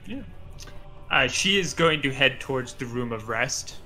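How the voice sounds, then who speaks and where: A man narrating as game master in a tabletop game, halting, with many fillers. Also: medium pitch, animated, over music.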